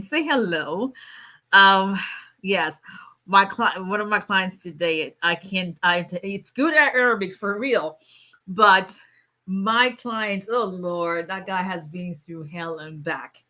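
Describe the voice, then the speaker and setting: A woman's voice: medium pitch, slow, pushed and bright. A tired woman, an immigration lawyer chatting casually on a livestream, greeting viewers by name and laughing often.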